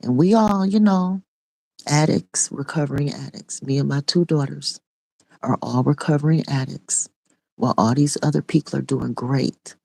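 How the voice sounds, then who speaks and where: A woman's voice: low voice, normal speed, vocal fry, warm tone, no room sound. A middle-aged woman and online preacher giving an impassioned spoken testimony in a repetitive, raw preaching cadence.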